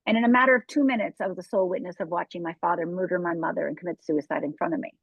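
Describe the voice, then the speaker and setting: A woman's voice: fairly low pitch, steady tone, racing, vocal fry, husky, no room sound. Candid woman coach on a tinny line. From Upper Michigan. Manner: candid, direct storytelling with audience asides. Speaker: life coach and author. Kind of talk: interview guest telling her story. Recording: tinny phone-like dry sound.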